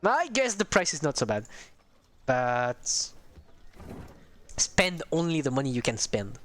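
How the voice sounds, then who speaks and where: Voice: medium pitch, big pitch swings, slow, fairly bright tone. Rambling, hesitant live-stream gamer. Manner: rambling, hesitant, chatty with viewers. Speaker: streamer playing a strategy game. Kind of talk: casual live-stream commentary.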